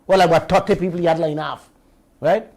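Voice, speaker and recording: A man with a Guyanese accent hosting a radio talk show, telling stories in an animated, indignant way and repeating himself. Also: a little high, fairly quick, low-quality recording. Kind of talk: heated talk radio monologue.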